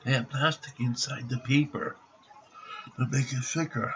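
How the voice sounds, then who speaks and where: Sitting at his computer at home, a man rambles through a casual vlog, repeating himself and swearing freely. He speaks a little slowly in a steady, mid-range voice, and the dull lo-fi recording carries a little hiss or hum.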